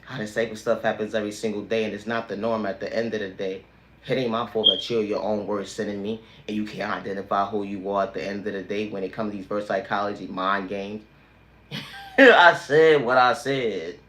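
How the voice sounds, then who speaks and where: A man's voice: lowish voice, level tone, fast talker, a bit bright, echoey room, slight background noise. Preachy man with emphatic refrains. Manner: repetitive, emphatic, sermon-like refrains. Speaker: livestream host. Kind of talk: preachy motivational monologue.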